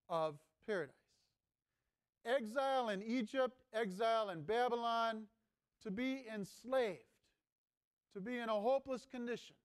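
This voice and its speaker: High, clear-voiced priest giving a homily. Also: male voice. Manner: conversational preaching with rhetorical questions. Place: seminary chapel.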